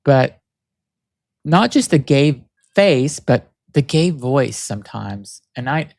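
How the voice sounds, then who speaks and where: Man, podcast host, casual rambling solo chat, soft not-very-masculine voice, dry close sound. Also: medium pitch, sing-song, slow pace, vocal fry, no room sound. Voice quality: voice not very masculine, by his own account. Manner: chatty, rambling, with many fillers and restarts.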